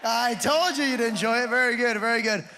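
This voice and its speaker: Quick, bright-voiced cruise director emcee. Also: male voice, very high-pitched. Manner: upbeat emcee patter. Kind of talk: stage announcements. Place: cruise ship theater stage.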